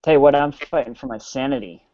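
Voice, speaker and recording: A man on a group call speaks from a trailer at his work site, halting and restarting as he talks. His voice is mid-pitched, and the audio is dull and dry. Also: dark tone, dry recording. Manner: halting, searching for words. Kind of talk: casual chat.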